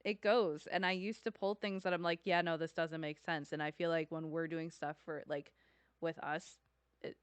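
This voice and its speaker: Smooth-voiced woman podcast co-host. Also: sits low, little pitch movement, normal speed, no echo. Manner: chatty, laughs often, earnest. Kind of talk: casual podcast chat.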